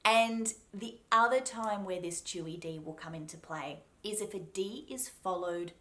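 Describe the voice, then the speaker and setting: A woman with an Australian accent teaching a pronunciation lesson, speaking deliberately and repeating each sound to demonstrate it. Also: medium pitch, sharp tone. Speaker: accent coach.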